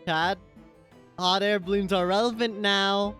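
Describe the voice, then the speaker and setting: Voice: medium pitch, unhurried, a bit bright, soft background music. A streamer thinking aloud during a live game, rambling and self-mocking between lines. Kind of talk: live game commentary and reading.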